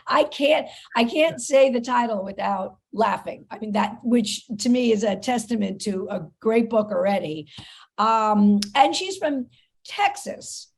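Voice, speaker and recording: A woman hosts her comedy podcast, talking in a loose, chatty way. She reads her own ads and drops quick self-mocking jokes between them. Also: on the high side, animated. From New York, USA. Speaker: podcast host. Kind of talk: casual podcast chat and host-read ads.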